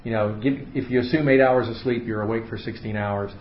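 A man leading a casual Bible study, explaining the text in a relaxed, unscripted way full of fillers and restarts, to a small group in a room. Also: on the low side, a little fast, a little hiss or hum. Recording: roomy, slightly dull room recording.

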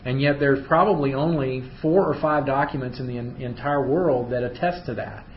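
A man leading a Bible study who reads scripture aloud and then explains it in loose, chatty asides. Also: moderate pace. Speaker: Bible teacher. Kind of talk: conversational Bible study teaching. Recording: roomy, dull recording with faint rumble.

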